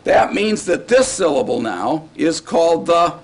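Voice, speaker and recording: Fairly high-voiced man teaching a class. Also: very animated, measured pace. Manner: casual, checks in often with "all right?" and "right?". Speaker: Hebrew grammar teacher. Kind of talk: classroom lecture. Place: classroom with students.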